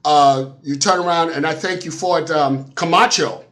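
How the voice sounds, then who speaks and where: Male interview host, slightly high voice, chatty and halting. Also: a bit bright. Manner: chatty, halting, often restarts and hedges. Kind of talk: casual interview chat.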